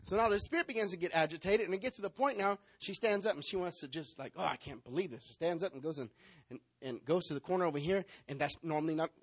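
A male pastor preaching a sermon in an animated way, stepping into role-play to act out members of his congregation. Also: high-pitched, fast.

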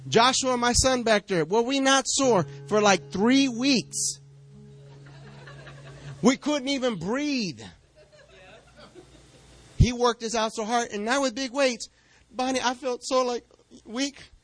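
A middle-aged man preaching a sermon, telling a story with lively back-and-forth dialogue. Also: extremely high pitch, slow pace, pauses often. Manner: storytelling, animated, acts out quoted exchanges. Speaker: pastor.

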